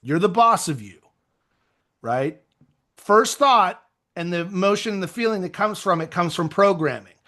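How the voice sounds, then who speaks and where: A man coaching real estate agents in an energetic, conversational motivational talk with self-deprecating asides. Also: sits high, normal speed, pauses often.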